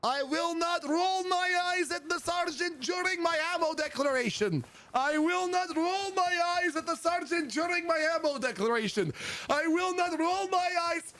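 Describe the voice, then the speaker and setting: A man's voice: very high-pitched, takes it slowly, a bit bright, clear, resonant tone, voice pushed up, exaggerated voice. A man voicing a flustered young male army private who recites his lines stiffly and garbles them.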